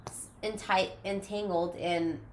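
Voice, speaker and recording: A woman in casual chat, telling stories in a chatty, animated way. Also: mid-range voice, unhurried. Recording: echoey room, faint noise.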